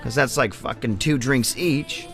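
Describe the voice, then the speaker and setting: A man's voice: mid-range voice, a little slow, a bit bright, soft background music. Rambling, profane male vlog host. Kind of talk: casual storytelling.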